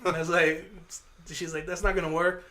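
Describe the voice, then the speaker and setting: High bright-voiced man telling stories. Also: fairly quick. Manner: profane, animated, acts out quoted voices. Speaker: podcast co-host. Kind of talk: casual storytelling chat.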